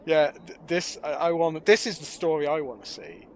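A man's voice: fairly high pitch, expressive, moderate pace, slight background noise. A man co-hosting a podcast, chatting casually and mocking with jokes and little put-on voices. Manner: joking, mocking, acts out voices. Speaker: podcast co-host. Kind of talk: casual chat.

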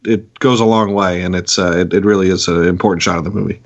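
A man co-hosting a podcast, talking in a halting, casual way with frequent restarts. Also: low-pitched, steady tone, dull audio. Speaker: podcast co-host.

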